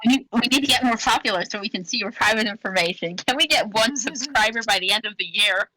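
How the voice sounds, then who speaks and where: A young woman co-hosting a casual podcast, playful and teasing with a quick, joking manner. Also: on the high side, a crowd in the background, low-quality recording. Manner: playful, teasing, chanting jokes. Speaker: podcast co-host. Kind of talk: casual chat.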